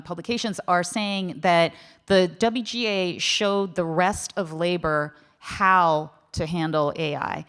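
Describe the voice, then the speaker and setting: A woman speaking on a panel for a writers union, casual and wry, with quick asides and self-corrections. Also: fairly low pitch. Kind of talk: panel discussion. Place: festival talk stage.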